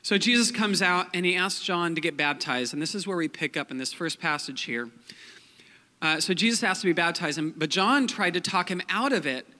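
A man's voice: high voice, expressive, fairly quick, bright, forceful tone. A young man giving a casual, joking sermon as a pastor, full of fillers like "like" and "um". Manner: chatty, joking, many fillers like "like" and "um". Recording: long hall reverb.

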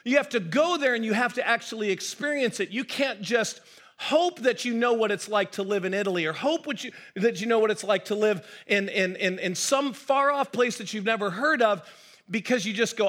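A middle-aged American man preaches from the front of a church. His voice sits high and sounds bright and forceful. He talks to the room like a conversation, with small jokes at his own expense, and he repeats words as he builds toward a point. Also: moderate pace. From United States. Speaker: pastor. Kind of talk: sermon. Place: church hall.

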